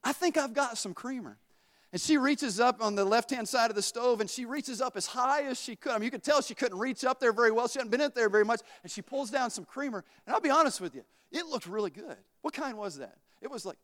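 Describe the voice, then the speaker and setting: A man preaching a sermon in a church, folksy and animated, telling stories with laughter. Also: very high voice, fast talker, big-room sound.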